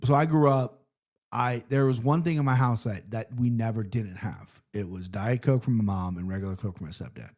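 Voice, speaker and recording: A man co-hosting a podcast, telling rambling, profane stories in a lively, animated way. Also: on the low side, normal speed. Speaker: podcast co-host. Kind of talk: casual storytelling chat.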